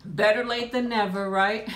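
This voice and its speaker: A middle-aged woman hosting a casual live stream, chatting loosely and reading viewer comments aloud, her voice leaping up whenever she greets someone. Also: on the low side. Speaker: host of a live eating stream. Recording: roomy echo.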